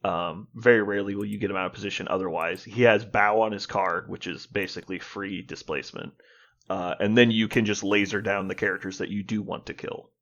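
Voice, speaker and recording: A man's voice: lowish voice, steady tone, a little fast, fairly bright tone, dull audio. A man co-hosting a podcast in casual gaming chat, explaining at length, swearing and laughing as he talks. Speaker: podcast co-host.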